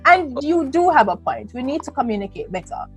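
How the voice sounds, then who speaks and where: A woman co-hosting a casual panel discussion, talking in a lively, playful and emphatic way. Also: high voice, brisk, husky, soft background music. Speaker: co-host.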